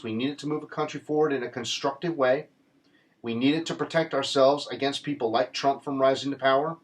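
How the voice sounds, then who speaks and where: A man giving a casual political commentary monologue, earnest and rambling, with many restarts. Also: mid-range voice.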